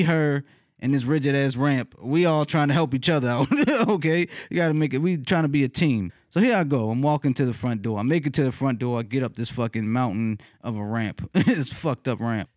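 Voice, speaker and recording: A man casually telling a funny personal story, cursing freely, laughing often and leaping up in pitch when he retells his reactions. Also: brisk, a little mellow, no echo, clean studio sound. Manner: laughs often mid-sentence.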